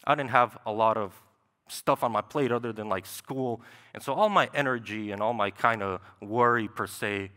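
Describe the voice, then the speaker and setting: A young man delivers a sermon in a church sanctuary, keeping it conversational and checking in with "right?" as he goes. His voice sits fairly low but comes across bright and forceful. Long reverb from the hall trails after every phrase. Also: normal speed. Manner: conversational, with frequent "right?" asides. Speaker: preacher.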